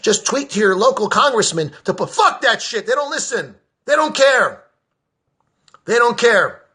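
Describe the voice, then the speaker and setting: High, bright-voiced ranting man. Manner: profane, emphatic, repeats himself. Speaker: political vlogger. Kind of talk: impassioned ranting monologue.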